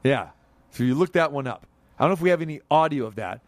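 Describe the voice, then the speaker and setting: Animated male sports radio host. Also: a little high, quick pace, no echo. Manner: animated, joking, rambling. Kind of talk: casual sports radio banter.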